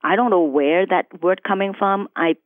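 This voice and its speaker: Lively woman. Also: fairly low pitch, normal speed, dry recording. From Hong Kong. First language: Chinese. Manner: lively storyteller, acts out dialogue, laughs often. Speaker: interview guest. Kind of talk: telling her story in a radio interview. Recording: tinny phone-like, dry radio recording.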